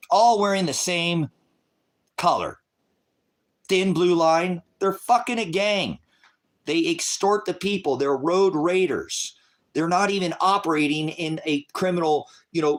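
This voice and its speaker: A middle-aged man with a somewhat high voice delivers a heated, profanity-laced rant. He swings between low, muttered asides and loud outbursts, often repeating and restarting his words. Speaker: online ministry host. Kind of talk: angry political rant.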